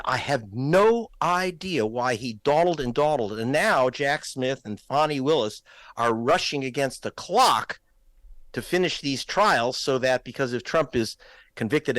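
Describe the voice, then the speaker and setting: A man's voice: medium pitch, a bit bright, dry recording. A man, a guest filmmaker, talking in a political talk show, emphatic and pointed, raising his voice to stress points.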